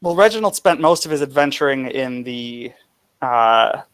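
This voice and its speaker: A man's voice: medium pitch, animated, moderate pace, a bit bright, clear, resonant tone. A man playing a tabletop game, speaking casually in character and out. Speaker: player.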